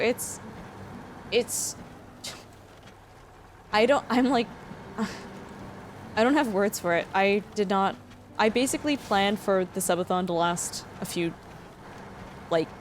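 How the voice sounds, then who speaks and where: A young woman chats on a live stream, gushing and emotional, laughing between near-tears as she thanks her viewers. Her voice sits at a middle pitch. Faint engine sounds from a game hum behind her. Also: slow, long pauses. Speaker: livestreamer. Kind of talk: casual livestream chat reading to viewers.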